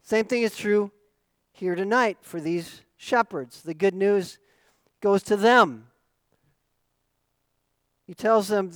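Middle-aged male pastor, high voice, dry close sound, dynamic sermon delivery. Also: a little slow, no room sound, rough recording. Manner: dynamic preaching with rhetorical questions, swinging from loud emphasis to quiet asides.

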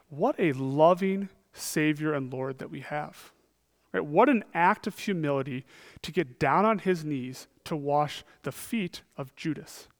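A man preaching a sermon, earnest, often asking "right?" and moving between emphatic and hushed delivery. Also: fairly high pitch.

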